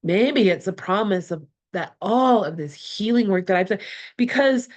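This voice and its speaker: A middle-aged woman speaking casually and reflectively as she reads her tarot cards. She rambles and restarts often, and her voice sits at an ordinary middle pitch. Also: expressive, moderate pace, muffled recording. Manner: rambling, emotional, with many fillers and restarts. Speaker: tarot channeler.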